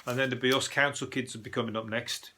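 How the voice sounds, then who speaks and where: Bright-voiced, swearing comedian man. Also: medium pitch, flat delivery, quick pace, slight background noise. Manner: profane, rambling, chuckles often. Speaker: comedian podcast host. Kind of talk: casual comedic news monologue.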